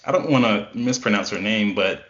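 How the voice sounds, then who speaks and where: A man with a fairly low voice chats about a TV series on a podcast, often stumbling and restarting his sentences. His voice comes through a roomy space with a slightly dull, lo-fi sound. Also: brisk, fairly bright tone. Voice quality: hesitant, stammering restarts. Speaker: podcast co-host. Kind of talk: casual TV review chat.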